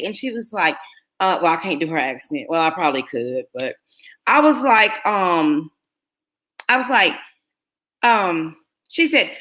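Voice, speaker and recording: A woman's voice: on the low side, sing-song, unhurried, pauses often, bright, forceful tone. A middle-aged woman, chatting casually with viewers on her live stream and telling rambling stories full of fillers. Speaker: YouTuber hosting a live stream.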